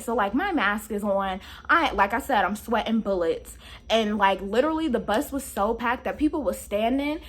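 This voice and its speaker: A young adult woman telling a storytime vlog in an animated, slangy, exclamatory way. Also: a little high, moderate pace. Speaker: vlogger.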